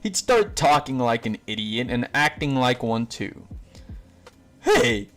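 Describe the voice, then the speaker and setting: A man's voice: mid-range voice, big pitch swings, normal speed, fairly bright tone, faint music behind. A man narrating a fan-made story in a casual, rambling way, with fillers and self-corrections.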